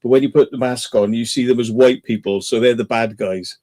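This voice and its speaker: A man's voice: mid-range voice, fairly even intonation, fairly quick, a little mellow. A man chatting casually as a channel host, his voice sitting right in the middle of the range. He rambles through his stories, leaning on fillers and restarts. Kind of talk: casual chat.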